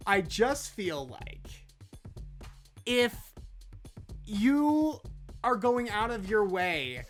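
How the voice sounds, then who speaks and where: A woman hosts a comedic news segment in a scornful, sarcastic tone. She slows right down on the lines she wants to land and speaks at an everyday mid pitch. Faint music plays behind her. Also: a bit bright. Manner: sarcastic, mocking, drawls phrases for emphasis. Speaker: host.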